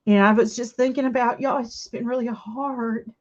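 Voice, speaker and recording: A woman's voice: on the high side, fairly even intonation, moderate pace, highs cut off. A middle-aged woman chats earnestly with her viewers while crafting. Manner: chatty, earnest, addresses viewers warmly as y'all. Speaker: craft livestream host. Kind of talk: casual chat while crafting. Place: home, indoors.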